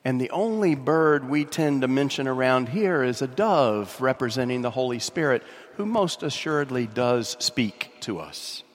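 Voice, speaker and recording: A man, a pastor delivering a sermon in a measured, wry way. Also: mid-range voice, animated. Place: large church sanctuary. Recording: long church reverb.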